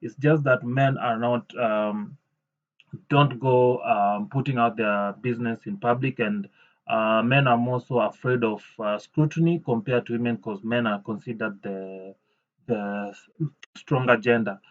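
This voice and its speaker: Man, reaction rant, indignant, halting, lots of fillers, dull lo-fi audio. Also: mid-range voice, steady tone. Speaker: reaction commentator. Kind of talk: ranting reaction commentary. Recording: dull lo-fi recording.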